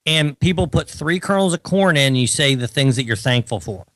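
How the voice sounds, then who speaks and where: A man's voice: fairly high pitch, a little fast, no echo. A man, co-hosting a casual podcast, telling stories with wry teasing. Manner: animated storytelling, wry teasing. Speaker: co-host.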